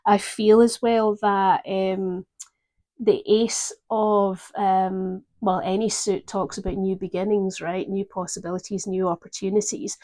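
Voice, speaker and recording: A woman giving a gentle, reflective tarot reading, pausing often to think. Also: medium pitch, little pitch movement. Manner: gentle, reflective, with pauses and fillers. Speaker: tarot reader.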